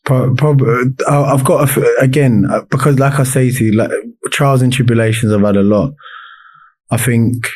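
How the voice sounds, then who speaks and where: A man's voice: medium pitch, steady tone, normal speed, darkish tone. Man, podcast guest, casual storytelling, rambling, lots of fillers. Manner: rambling, many restarts and fillers.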